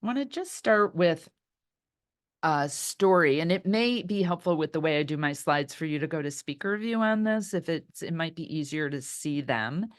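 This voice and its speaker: A middle-aged woman leading an online workshop over a video call. She tells stories and talks chattily, reacting to the chat as she goes. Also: sits low. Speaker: workshop leader. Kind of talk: storytelling talk in an online workshop.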